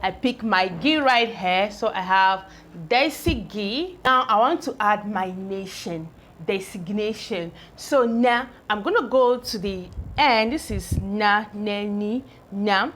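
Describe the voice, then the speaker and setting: A woman leads a spelling lesson, stretching out each sound as she builds words from syllables. She speaks slowly and deliberately, stopping often to check that her learners are keeping up. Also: medium pitch, a bit bright, slight background noise. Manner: slow, drawn-out syllables, sounding out each piece; asks learners if they follow. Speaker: English teacher. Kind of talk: phonics lesson at a board.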